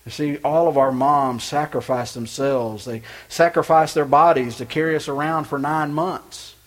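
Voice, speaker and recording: Male pastor, somewhat high voice, passionate church sermon, loud-to-hushed swings. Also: steady tone, moderate pace. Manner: impassioned preaching, swinging between loud emphasis and hushed tones.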